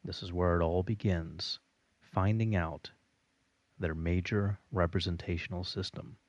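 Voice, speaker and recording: Slow, deep-voiced male instructor. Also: fairly even intonation, dry recording, lo-fi sound. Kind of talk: recorded audio lesson.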